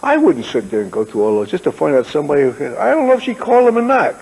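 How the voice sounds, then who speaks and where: A man's voice: a little high, wildly swooping pitch, fast, gravelly, darkish tone, breathy edge, in a large hall, poor audio. A man, telling rambling anecdotes as an interview guest and acting out the people he quotes. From United States. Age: 80s. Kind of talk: casual interview, storytelling.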